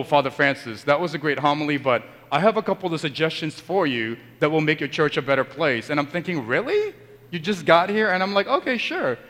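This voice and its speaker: A man's voice: a little high, fairly bright tone. Middle-aged priest preaching, tells stories like he's chatting, voice rings out in a big echoey church. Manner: conversational storytelling, acting out quoted people. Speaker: Catholic priest. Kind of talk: Sunday homily.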